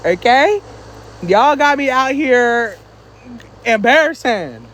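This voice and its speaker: A man's voice: very high voice, lively intonation, takes it slowly, fairly bright tone, poor audio. A man chatting casually on a live stream, reading viewer comments and teasing back, a little winded.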